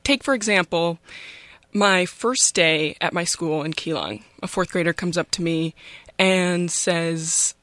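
A young woman telling a personal story in a wry, conversational, self-mocking way, pausing often on "um". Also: on the low side, fairly bright tone, no room sound.

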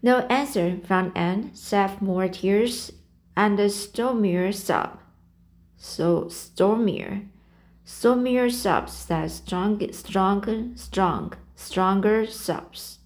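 A woman's voice: medium pitch, drawn-out words, a little mellow. A woman reading a novel aloud to learners, carefully rereading and correcting words and explaining them. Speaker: reading teacher. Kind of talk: slow read-aloud of a novel with word explanations.

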